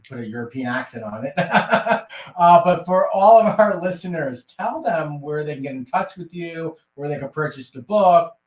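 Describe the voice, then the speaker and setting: A man hosting a podcast interview, upbeat and effusive as he thanks his guest. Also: medium pitch. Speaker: podcast host. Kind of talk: casual interview chat. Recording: roomy echo.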